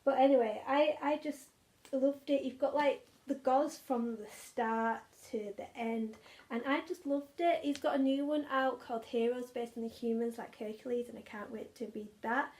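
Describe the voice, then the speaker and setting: A woman's voice: on the high side, fairly even intonation, normal speed, a little mellow. A young woman, chatting enthusiastically about favourite audiobooks, often repeating words for emphasis. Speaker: book vlogger. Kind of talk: casual chat.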